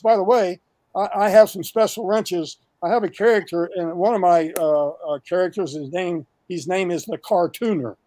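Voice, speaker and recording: An older man speaking as a guest on a video call, pitching his educational project with animated, emphatic lists and frequent restarts. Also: normal speed, no echo.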